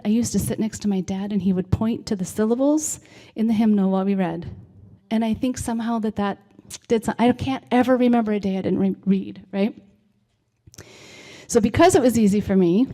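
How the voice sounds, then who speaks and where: Here a warm, medium-pitched female voice belongs to a middle-aged American presenting on literacy to civic listeners. Her style is conversational, with regular "right?" check-ins.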